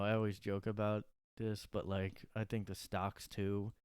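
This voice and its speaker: A man's voice: fairly low pitch, measured pace, few pauses, a little hiss or hum. Rambling sarcastic podcast guy. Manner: rambling, lots of fillers, sarcastic. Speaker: podcast host. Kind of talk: casual solo monologue. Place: his room.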